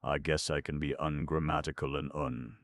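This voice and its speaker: A man voicing a cheerful, teasing storybook clown, lifted a little above a very deep, gravelly natural voice. The delivery is close and dry. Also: little pitch movement, moderate pace, no echo, heavily acted. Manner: teasing, bright.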